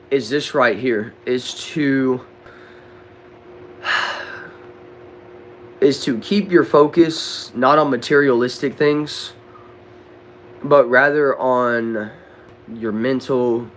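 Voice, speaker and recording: A young man with a Southern accent from Texas, casually answering chat questions on a livestream in a relaxed, drawling way. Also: medium pitch, slow pace, pauses often, slight background noise. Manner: laid-back, drawling, says bro and dude a lot. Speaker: livestream host reading chat. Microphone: desk microphone.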